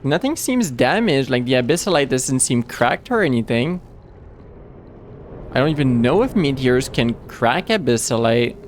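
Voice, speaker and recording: Male streamer, casual game chat, halting and rambling, mid-pitched, faint background hiss. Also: big pitch swings. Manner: rambling, halting with frequent restarts. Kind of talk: casual live game commentary.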